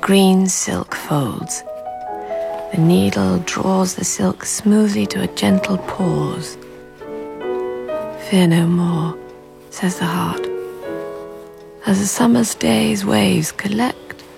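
Slow gravelly woman narrator. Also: mid-range voice, fairly even intonation, over music. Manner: slow, dreamy, hushed. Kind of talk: scripted narration.

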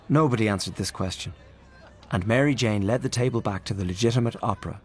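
A man reading a literary story aloud in a measured, expressive storytelling manner. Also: on the low side, slightly rough. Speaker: audiobook narrator. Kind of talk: literary audiobook narration.

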